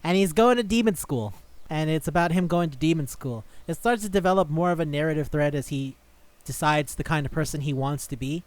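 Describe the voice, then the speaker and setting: A man's voice: on the high side, fairly even intonation, fairly quick, no room sound. Chatty man swearing casually. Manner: rambling, swears often, laughs easily. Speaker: podcast co-host. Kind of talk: casual chat.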